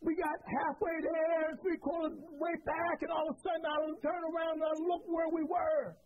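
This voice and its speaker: A middle-aged man preaching a sermon, telling a story with repeated phrases and building to shouts. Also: very high voice. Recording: tinny phone-like sound.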